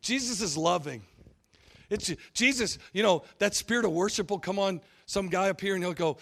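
A pastor preaching a sermon, telling funny stories bluntly and acting out the voices of the people in them. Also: male voice, high-pitched, normal speed, gravelly, fairly bright tone. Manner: humorous storytelling, acting out quoted voices; blunt and folksy.

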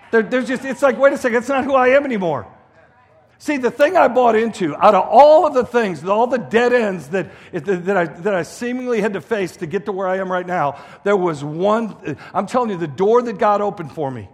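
High-pitched preaching man, echoey hall. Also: slightly rough. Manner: emphatic, repetitive preaching with restarts. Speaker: guest pastor. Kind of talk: sermon. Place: church hall.

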